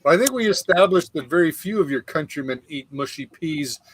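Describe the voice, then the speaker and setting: A man joining a live stream chat, his voice sitting a bit high. He teases the others playfully and keeps the tone light. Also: expressive, a little fast, breathy edge, no echo. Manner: teasing, laughs at his own jokes. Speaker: guest on livestream. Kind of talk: casual banter.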